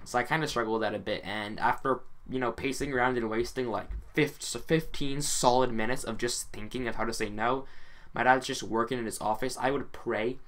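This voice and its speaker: A man's voice: medium pitch, steady tone, brisk, fairly bright tone. A man talking casually over his gameplay as a YouTuber, rambling and hesitant with many restarts and self-conscious asides. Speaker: gaming YouTuber.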